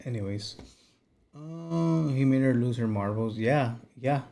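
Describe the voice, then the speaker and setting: A man's voice: medium pitch, animated, measured pace, gravelly, mellow. A man hosting a live stream, chatting loosely with his viewers and laughing off clips as he reacts. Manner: laid-back, chuckling asides to chat. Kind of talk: casual live-stream chat.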